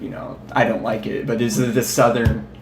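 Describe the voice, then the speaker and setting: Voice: mid-range voice, little pitch movement, brisk, background noise. Podcast host with an echoey sound. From American Midwest. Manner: laughs often, opinionated asides. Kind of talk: casual chat.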